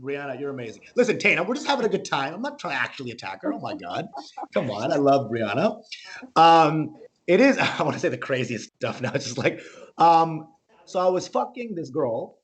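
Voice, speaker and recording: A man's voice: fairly high pitch, very animated, brisk. A male comedian doing a stand-up set, rambling, interrupting himself and laughing at his own jokes.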